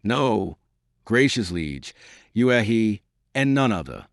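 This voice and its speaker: A man reads a devout young peasant maiden who speaks softly and earnestly. Her lines come out low in pitch but lilting, with solemn conviction. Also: big pitch swings, slow pace, creaky, no room sound, studio quality, heavily acted.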